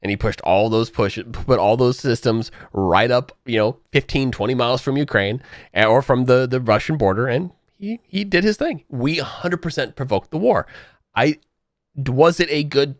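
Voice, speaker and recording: A man's voice: mid-range voice, lively intonation, normal speed, dry recording, studio quality. A man co-hosting a podcast, arguing politics emphatically with profanity and step-by-step analogies. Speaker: podcast co-host. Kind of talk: heated political debate.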